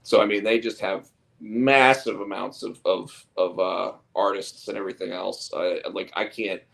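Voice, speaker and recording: A man's voice: lowish voice, fairly even intonation, normal speed, gravelly, fairly bright tone. A man hosting a casual chat show, rambling and repeating words as he tells stories. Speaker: podcast host and comic artist.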